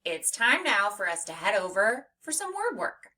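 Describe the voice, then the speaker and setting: Lively woman teaching children phonics. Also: medium pitch. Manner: slow, exaggerated sound modeling.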